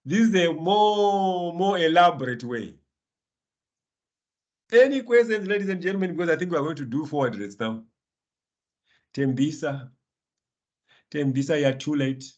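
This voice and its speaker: Man, lecturer, animated, encouraging, laughs often. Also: fairly high pitch, moderate pace, pauses often, highs cut off. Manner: lively, encouraging, calls students by name, laughs often. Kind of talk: live online finance class.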